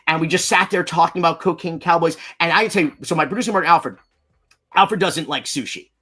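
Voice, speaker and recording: Animated, profane man telling stories. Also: fairly high pitch, a little fast. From Miami, Florida, US. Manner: animated, profane, rambling with many fillers and restarts. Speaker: documentary filmmaker, podcast guest. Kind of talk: anecdotal storytelling in a podcast interview.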